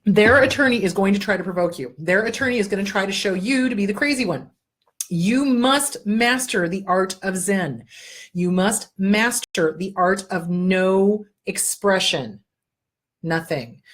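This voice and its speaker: A woman's voice: medium pitch, lively intonation, measured pace. A woman hosting an advice talk show, speaking bluntly and emphatically, swearing freely and repeating words for emphasis. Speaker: host.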